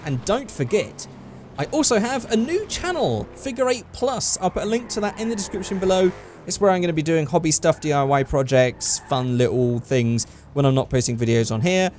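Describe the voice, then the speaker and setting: A man's voice: a little high, a little mellow, a little hiss or hum. A man hosting a gaming channel, chatting casually over gameplay alone in a small room into a microphone, rambling and poking fun at himself. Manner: rambling and self-deprecating, with frequent restarts. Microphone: desk microphone.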